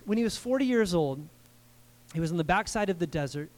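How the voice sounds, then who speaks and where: A man preaching a sermon in an animated, conversational way, with frequent asides to the congregation. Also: high voice, fairly quick. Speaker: pastor.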